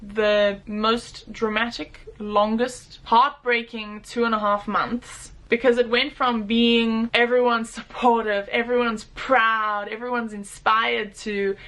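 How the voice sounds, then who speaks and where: A woman's voice: a little high, slow pace, hardly any pauses. A young woman in her twenties with a South African accent, animatedly telling personal stories in an interview. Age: 20s. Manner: animated, acts out quoted voices. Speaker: interviewee, motorcycle rider.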